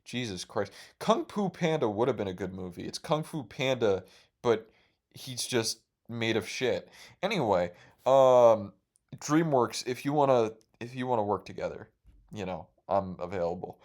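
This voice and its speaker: Young male podcast host, rambling profane storyteller, excitable. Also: fairly low pitch, normal speed.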